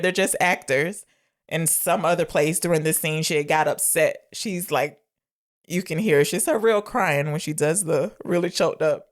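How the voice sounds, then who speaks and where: A woman co-hosting a podcast, casually retelling a film's scenes and quoting its lines with animated voices. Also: fairly low pitch. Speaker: podcast co-host. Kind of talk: casual film review chat.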